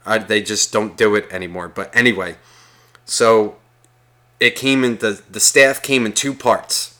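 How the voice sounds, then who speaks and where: Man, bright tense voice, casual chat, profane rambling storyteller. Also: lowish voice, fairly even intonation, unhurried. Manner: acts out quotes of people in the story. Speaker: guest telling a story.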